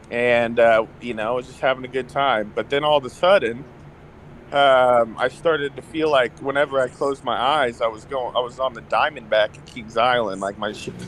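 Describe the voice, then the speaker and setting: A man's voice: medium pitch, fairly bright tone, slight background noise, poor audio. A young man telling a personal story in a casual podcast chat, rambling with lots of fillers and restarts. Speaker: guest.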